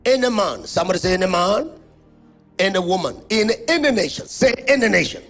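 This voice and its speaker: Man, Kenyan accent, preacher, high voice, call-and-response, faint music. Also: animated, fairly quick, a bit bright. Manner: booming call-and-response preaching with sudden swings of pitch and volume. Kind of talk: sermon. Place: church conference hall.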